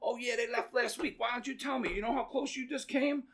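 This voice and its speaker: A man acting out an imposing street gang figure in a story, talking in swaggering slang with a higher, edgier voice. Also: fairly even intonation, fairly quick, a bit bright. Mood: menacing.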